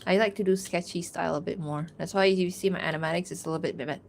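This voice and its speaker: A woman's voice: lowish voice, fairly even intonation, quick pace, vocal fry, a little hiss or hum. A young woman chatting casually on a drawing stream, rambling with lots of fillers and frequent laughs. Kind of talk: casual livestream chat while drawing.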